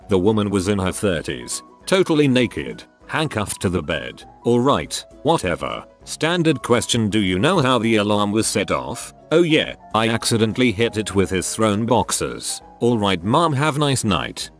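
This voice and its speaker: A man with a low voice reads short online anecdotes aloud. His delivery is even and measured, yet his pitch moves a lot. Soft music plays faintly behind him. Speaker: narrator. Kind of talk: reading online stories aloud.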